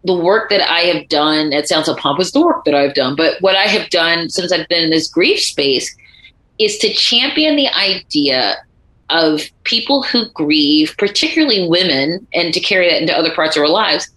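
A woman author being interviewed, telling animated stories and acting out the voices of people she quotes. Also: on the low side, normal speed, roomy sound, low-quality recording. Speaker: author and guest. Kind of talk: conversational interview.

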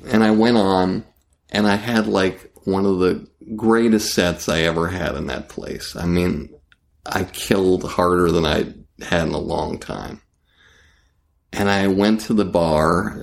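A male comedian spinning a story in conversation, with a low voice and an unhurried delivery. He acts out scenes and restarts his sentences as he goes. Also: gravelly.

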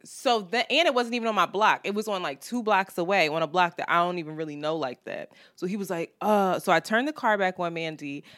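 A woman hosting a podcast, telling stories in an animated, profane, laugh-filled casual chat. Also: lowish voice, fast talker, hardly any pauses. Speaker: podcast host.

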